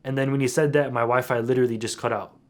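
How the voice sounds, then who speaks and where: A young man retelling a story for his vlog in an animated, slangy way. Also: medium pitch, fast, a little hiss or hum. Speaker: YouTuber.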